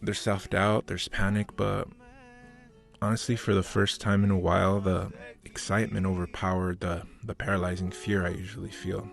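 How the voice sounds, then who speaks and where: Deep gravelly-voiced man hosting a podcast. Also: flat delivery, moderate pace. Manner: earnest and candid, with light joking. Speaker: podcast co-host. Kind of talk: casual podcast introduction. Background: faint guitar music.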